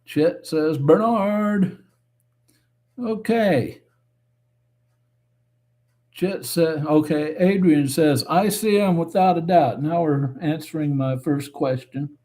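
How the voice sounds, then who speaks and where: A man hosting a casual live stream, reading viewer comments aloud and answering them in a relaxed, chatty way. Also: fairly high pitch, takes it slowly. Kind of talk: casual chat.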